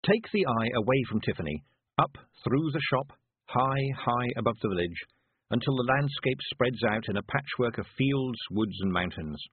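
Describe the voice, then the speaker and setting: A man narrating an audiobook in a measured, wry manner. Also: medium pitch, lively intonation, a little hiss or hum. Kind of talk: scripted narration. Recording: dry tinny phone-like audio.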